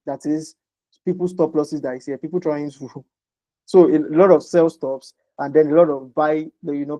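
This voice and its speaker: A man's voice: fairly high pitch, mellow, dry recording. Repetitive man teaching trading, dull sound. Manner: repetitive, asks "do you get?" often. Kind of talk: informal explanation lesson.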